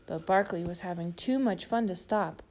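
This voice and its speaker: A woman narrating a children's storybook in a gentle, steady way. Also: on the low side, normal speed. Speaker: storybook reader.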